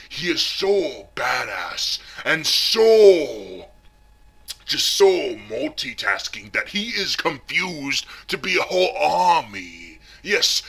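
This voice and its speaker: A man playing a pompous, self-pitying heavyset villain who vlogs, talking theatrically and swinging between hushed whispers and shouts. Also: medium pitch, full character voice. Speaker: comic villain vlogger. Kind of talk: parody character vlog.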